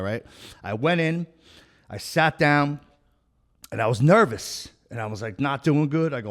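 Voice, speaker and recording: A man's voice: mid-range voice, a little fast. New York-accented male host, brash storyteller, casual and profane. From Long Island, New York. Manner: profane, storytelling, animated quoting. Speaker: podcast host. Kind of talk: casual interview chat.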